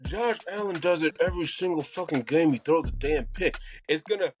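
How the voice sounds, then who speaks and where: Male co-host, a bit higher voice, animated and profane, casual football chat with faint music behind. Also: a little fast. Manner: animated, profane, laughs often. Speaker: podcast co-host.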